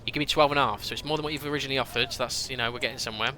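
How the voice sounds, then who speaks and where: Young guy streaming a footy manager game, bright sharp voice, chatty, rants at the game n talks to chat. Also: medium pitch, fairly even intonation, rapid-fire, a little hiss or hum. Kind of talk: casual gameplay commentary.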